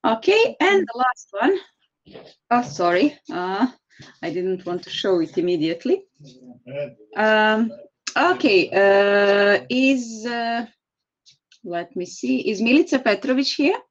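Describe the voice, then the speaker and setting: A woman's voice: on the high side, animated, slow, pauses often, highs cut off. Patient woman teaching English on a call. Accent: Serbian. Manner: patient, encouraging, explains step by step. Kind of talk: online class teaching.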